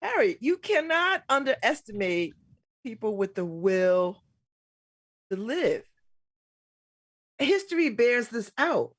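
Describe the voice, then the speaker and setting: A woman's voice: fairly high pitch, big pitch swings, takes it slowly, long pauses, a bit bright, dry recording. A middle-aged woman hosting a casual political talk show, blunt and emphatic, laughing often. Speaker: radio host.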